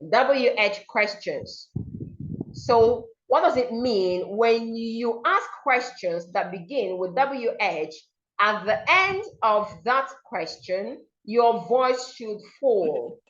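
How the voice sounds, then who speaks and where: A woman with a Nigerian accent teaching diction in an online seminar, slowly modeling example sentences aloud over a video call. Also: fairly high pitch, lively intonation. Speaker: diction coach. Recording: dull lo-fi call audio.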